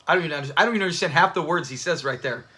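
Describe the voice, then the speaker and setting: A man's voice: fairly high pitch, racing, pushed and bright. A man hosting a casual livestream watch party, chatty and laughing often as he talks to his viewers. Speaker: channel host.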